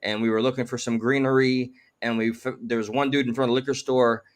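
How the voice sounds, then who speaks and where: A man's voice: medium pitch, level tone, fast. Wordy male chat host. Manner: wordy, slightly formal phrasing with restarts. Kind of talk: casual chat. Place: his home.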